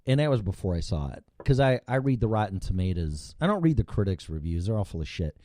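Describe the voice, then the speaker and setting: Man hosting a talk show, mellow voice, dry sound, rambling, swears a lot. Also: fairly low pitch, sing-song, fast talker, dry recording. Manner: rambling, profane, with frequent restarts. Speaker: show host. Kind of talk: casual podcast chat.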